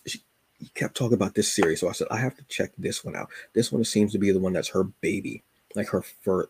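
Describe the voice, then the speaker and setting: A man's voice: fairly low pitch, creaky, darkish tone, husky, no room sound. A man hosting a podcast alone, talking about his reading list in a casual, joking, colloquial way. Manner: laid-back, joking, colloquial. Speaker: podcast host. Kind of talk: casual solo chat.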